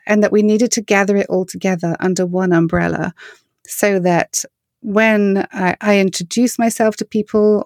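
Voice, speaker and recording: A middle-aged English woman speaks in an earnest, storytelling way, her pitch sitting mid-range for a woman. The sound is close and dry, with no room around it. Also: no echo. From England. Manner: earnest, storytelling, animated when quoting others. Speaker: worship singer and author. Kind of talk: interview answers.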